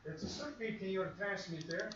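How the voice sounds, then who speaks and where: A man's voice: high voice, lively intonation, normal speed, very noisy. A man teaching a radio course, explaining in a lecture style and acting out examples in quoted asides. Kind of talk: classroom lecture. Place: classroom. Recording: echoey room, far from mic, dull.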